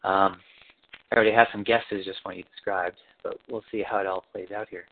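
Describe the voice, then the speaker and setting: Calm male interviewer on a tinny line. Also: low voice, brisk. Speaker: interviewer, counselor. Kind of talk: guided interview.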